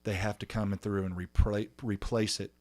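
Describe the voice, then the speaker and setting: A man co-hosting a podcast as a pastor, speaking in a hesitant, earnest and measured way in casual chat. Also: on the low side, flat delivery, darkish tone.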